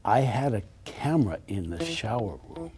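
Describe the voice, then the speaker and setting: A man doing deadpan comic banter as a mock-neurotic therapy patient, stammering at times. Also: mid-range voice, normal speed. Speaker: therapy patient in a comedy sketch.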